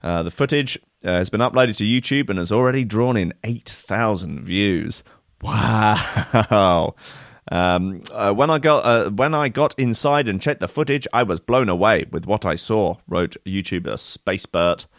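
A man's voice: lowish voice, animated, normal speed, hardly any pauses, no echo. A man hosting a comedy show, reading news aloud and breaking off for dry, sardonic jokes. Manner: dry, sardonic, mock-exasperated. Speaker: comedy podcast host.

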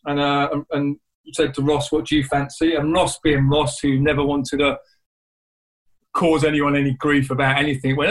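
A man with a slightly raised pitch tells a story conversationally. He stops and restarts his sentences often as he works through the memory. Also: level tone, poor audio. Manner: rambling, halting retelling with many restarts. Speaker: guest.

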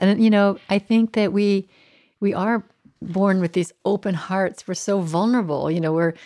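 A woman's voice: lowish voice, a little mellow, no echo. Affirming woman podcast host, dry sound. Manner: enthusiastic, affirming, quick to agree. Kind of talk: interview chat.

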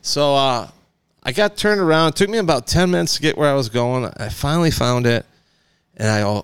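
A man's voice: mid-range voice, a little fast, clear, resonant tone, no echo. A man co-hosting a casual talk show, telling a long rambling story and acting out the voices in it. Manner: rambling, animated, acts out voices in his stories. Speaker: podcast co-host.

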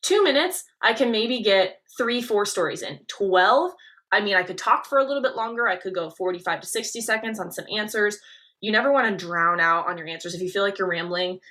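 A young woman from Nebraska hosting a coaching podcast, talking in an energetic, leaning-in way with emphatic stresses. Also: mid-range voice, brisk. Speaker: podcast host and pageant coach.

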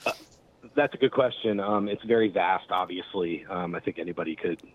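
A man's voice: deep voice, brisk. A man talking casually as a musician guest, rambling with lots of fillers. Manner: rambling, many fillers and restarts. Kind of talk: casual interview chat. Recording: tinny phone-like line, faint hiss.

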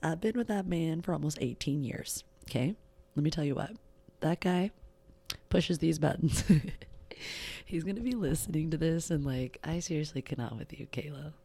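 A woman in her thirties chats alone into her podcast mic, bubbly and quick to giggle at herself. Her voice sits low, with a gravelly fry under the words. She rambles in a loose, filler-heavy drawl. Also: animated, warm tone. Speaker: podcast host. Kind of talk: casual solo podcast chat. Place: home recording setup in Wisconsin.

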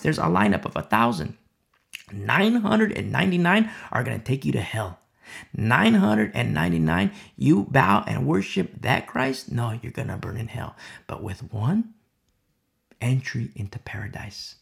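A male preacher delivering a sermon with a heavily gravelly, fry-laden voice set a bit high for a man. He hammers points through repetition and rhetorical questions. His pitch swings widely, and he sometimes sinks to a hushed near whisper. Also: sing-song, normal speed. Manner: emphatic and repetitive, rhetorical "you see?", drops to near whispers.

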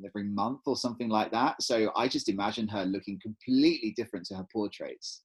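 A man co-hosting a podcast, chatting casually and spinning animated, rambling stories. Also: fairly low pitch, quick pace, husky. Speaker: podcast co-host. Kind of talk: casual chat.

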